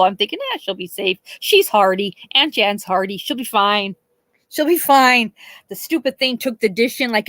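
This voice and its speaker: A woman's voice: mid-range voice, fairly bright tone, no echo. A middle-aged woman telling a long, chatty story on a live stream, swearing and laughing, and acting out the people she quotes. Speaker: host.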